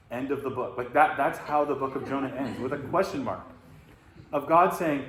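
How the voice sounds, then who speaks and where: A man's voice: medium pitch, moderate pace, fairly bright tone. A man teaching about the Bible in a reflective, hesitant way, with many fillers. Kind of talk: teaching talk. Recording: roomy echo, faint noise.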